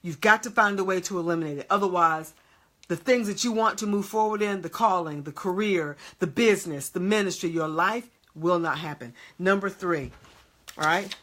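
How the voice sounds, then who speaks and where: A woman's voice: lowish voice, moderate pace, fairly bright tone. A woman preaching an emphatic motivational sermon, repeatedly checking in with her audience.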